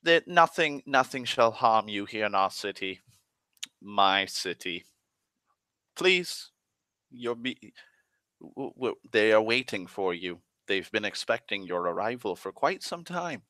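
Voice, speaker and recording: A man's voice: fairly low pitch, big pitch swings, slow, pushed and bright, dry recording, exaggerated voice. A man voicing a nonchalant male elven king who speaks in a soothing, vague and ominous way.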